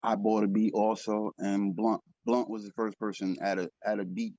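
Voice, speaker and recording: A man talks as a guest on a video call in a laid-back, storytelling way. His voice is low and husky, and the audio is dry and a bit dull. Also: level tone, normal speed, mellow, no echo. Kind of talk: casual chat on a video call.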